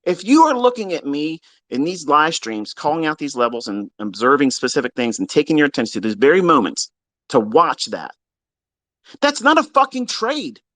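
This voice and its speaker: A man's voice: a little high, fairly bright tone, no room sound. A man who is a trading mentor, delivering a blunt, exasperated rant to his students with heavy swearing. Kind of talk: profane ranting lecture to students. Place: live audio chat room.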